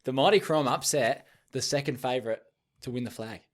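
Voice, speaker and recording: A man's voice: mid-range voice, brisk. An Australian man, a regular on a sports podcast, boisterous and cocky in his banter.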